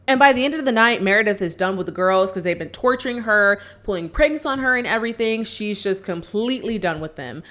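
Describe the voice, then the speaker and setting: A woman vlogger recaps a movie plot straight to her viewers in a chatty, upbeat way, acting out the characters' lines. Her mid-range voice is expressive and a bit bright, and she speaks fairly quickly with few pauses.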